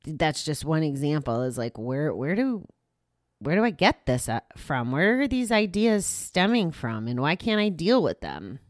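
A woman's voice: low-pitched, very animated, measured pace, dry recording, studio quality. A tired, chatty woman hosting a live podcast, rambling through apologetic asides to her listeners. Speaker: podcast host. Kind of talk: casual live chat to listeners.

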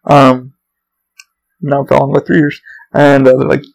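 A man's voice: mid-range voice, flat delivery, slow, gravelly, low-quality recording. A young man hosting a podcast, telling meandering stories in a casual, profane way. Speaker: podcast host. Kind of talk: rambling casual monologue.

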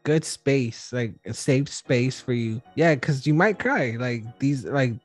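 A man interviewing a guest in casual chat, relaxed and rambling with many fillers. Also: mid-range voice, slow, soft background music. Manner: relaxed, rambling questions full of "like".

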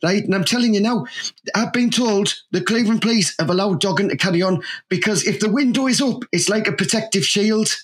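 A Teesside man holds forth in crude comic banter, boastful and forever checking "you know what I mean". His voice sits high and sounds husky. He is heard over a video call. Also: fairly quick. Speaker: comic co-host in character.

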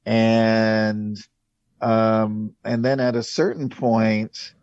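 Man in his sixties, slow rambling anecdotes, low mellow voice, dull dry lo-fi recording. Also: steady tone, no room sound. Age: 60s. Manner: rambling, anecdotal, many fillers. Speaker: casting director, guest. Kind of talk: casual interview storytelling.

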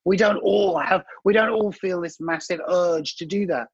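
A man's voice: sits high, moderate pace, husky, no room sound. A man hosting a casual chat, musing reflectively and asking for agreement. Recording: dull lo-fi podcast recording.

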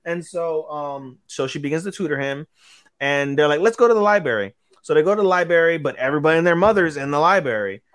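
Animated man retelling an anime plot. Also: on the high side, no room sound, studio quality. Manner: animated retelling, acting out character lines with quick voice jumps. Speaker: podcast co-host. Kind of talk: casual anime recap chat.

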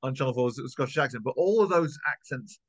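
Fast, eager interviewer, a man. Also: mid-range voice, expressive. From Yorkshire, England. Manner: enthusiastic, rambling with restarts. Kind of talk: conversational interview.

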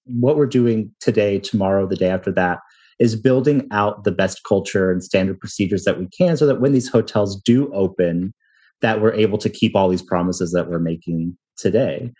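A man's voice: lowish voice, normal speed, a little mellow, husky. A man in his thirties, a hotel company founder, telling self-deprecating stories in a casual interview and laughing often.

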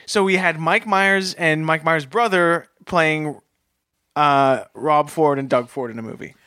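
A man's voice: fairly high pitch, measured pace, pushed and bright, no room sound, clean studio sound. A man co-hosting a comedy podcast, joking playfully and slipping into silly voice bits. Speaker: podcast co-host. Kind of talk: improv comedy banter.

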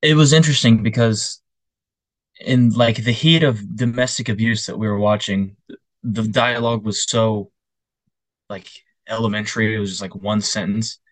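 A young man co-hosting a casual podcast has a lowish voice at normal speed, recorded with no room sound. He's an animated storyteller who puts on the voices of other people.

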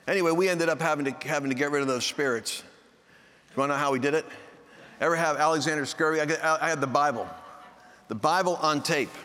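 A man preaching through a personal story in a casual, animated way, acting out the dialogue with sudden high outbursts. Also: in a large hall. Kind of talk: anecdotal sermon storytelling.

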